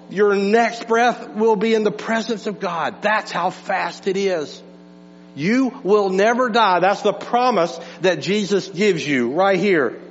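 A man preaching a sermon as pastor, emphatic and repetitive, dropping to a hush and then rising again. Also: fairly high pitch. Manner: emphatic, repeats words, swings from hushed to raised. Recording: dull lo-fi sound with long reverb and hum.

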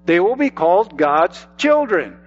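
Older guy preaching slow n emphatic, highish voice, bit dull sound, faint music behind. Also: big pitch swings. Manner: emphatic, repeats phrases for effect. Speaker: pastor. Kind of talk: sermon.

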